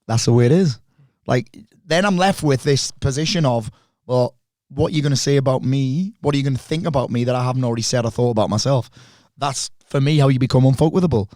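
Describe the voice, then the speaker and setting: A man's voice: medium pitch, darkish tone, no echo. Brash man, straight-talking guest, close dry mic. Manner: blunt, fast-talking, heavy swearing. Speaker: podcast guest, speaker and coach. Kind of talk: candid conversation.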